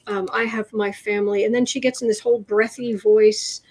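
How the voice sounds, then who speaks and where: A woman hosting a casual tarot reading chat, talking haltingly with fillers and restarts. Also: mid-range voice, fairly even intonation, a little mellow, slightly rough. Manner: mimics the person she reads about. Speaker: host, tarot reader.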